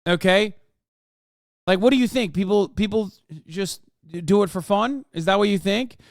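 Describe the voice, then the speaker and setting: A man's voice: sits high, normal speed, vocal fry, no room sound, studio quality. A man in his thirties ranting as a live streamer, profane and combative, arguing with his chat. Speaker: streamer reacting to a political interview. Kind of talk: heated live-stream commentary.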